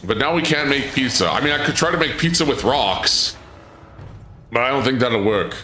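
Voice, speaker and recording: A man live-streaming, chatting with his viewers in an excitable, stammering way, his voice often leaping up when surprised. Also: medium pitch, moderate pace. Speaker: livestreamer. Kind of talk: live-stream chat banter. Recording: echoey room with game music behind.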